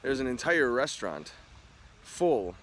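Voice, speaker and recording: A man's voice: mid-range voice, very animated, measured pace, fairly bright tone, a little hiss or hum. A young man vlogging outdoors by a resort restaurant, ranting and swearing as he recounts his frustrations to the camera. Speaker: travel vlogger. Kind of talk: venting vlog to camera.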